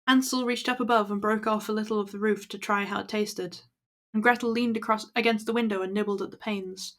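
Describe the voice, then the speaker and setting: A woman's voice: medium pitch, fairly even intonation, fairly quick. A woman reading old fairy tales aloud to her stream at an easy pace, with small slips. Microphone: laptop built-in mic.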